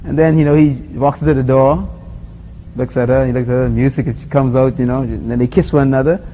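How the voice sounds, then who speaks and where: A man's voice: mid-range voice, a little fast, lo-fi sound, a little hiss or hum. A middle-aged man with a Bahamian accent, preaching a sermon and acting out little scenes, laughing often as he tells them. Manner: animated storyteller, acts out voices, laughs often. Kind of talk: sermon with acted-out anecdotes.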